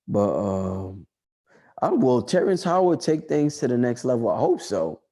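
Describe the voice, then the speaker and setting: A man hosting a casual livestream chat, talking loosely and profanely, repeating lines for emphasis and rising to excited highs. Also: measured pace. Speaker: livestream host answering chat.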